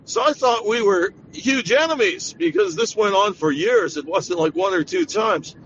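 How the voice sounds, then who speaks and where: A man guest in a casual podcast chat, telling stories in a measured way. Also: high-pitched, lively intonation, a bit bright, dull audio, a little hiss or hum.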